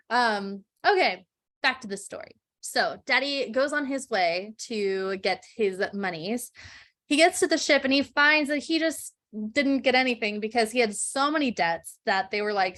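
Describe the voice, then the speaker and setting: A woman podcast co-host retelling a fairytale in casual chat. She is animated and chatty, laughing easily. Her voice is somewhat high. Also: moderate pace.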